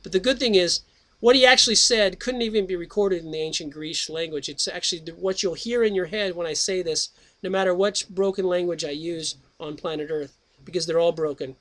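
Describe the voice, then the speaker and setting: High-voiced rambling radio host. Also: male voice, fairly quick, a bit bright. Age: middle-aged. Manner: chatty, jokey, jumps between topics. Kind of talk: rambling casual monologue and reading aloud.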